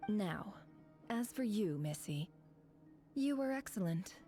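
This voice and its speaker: A woman's voice: mid-range voice, expressive, takes it slowly, mellow, soft background music. An actress playing a sardonic, bossy woman employer in a video game, talking in a dry, teasing, commanding way.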